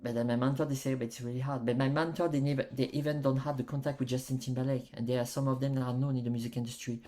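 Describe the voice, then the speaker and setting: Man, French accent, non-native English, casual interview guest, animated storyteller, medium pitch. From France. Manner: halting English, acts out anecdotes in quoted voices. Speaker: musician guest.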